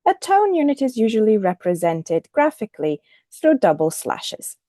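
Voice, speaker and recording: A woman teaching a recorded lesson, speaking clearly and deliberately and modelling the intonation of example phrases. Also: medium pitch, big pitch swings, warm tone, no room sound, clean studio sound. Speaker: English teacher.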